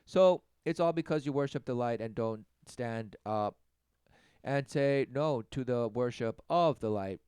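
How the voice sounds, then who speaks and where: A man delivering a mocking sermon rant, often mimicking others in high, sarcastic voices. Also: measured pace, warm tone, clear, resonant tone, dry recording, studio quality. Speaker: preacher.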